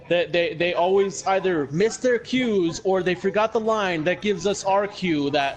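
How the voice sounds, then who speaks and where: A man's voice: sits high, measured pace, few pauses, soft background music, poor audio. Ranting young man, heavy swearing. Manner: profane, rambling, heated ranting. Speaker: podcast host. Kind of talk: casual podcast chat.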